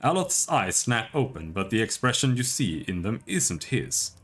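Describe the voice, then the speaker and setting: A man's voice: mid-range voice, very animated, normal speed, a bit bright, husky. A man narrating a game aloud on a stream, with a dramatic storytelling delivery.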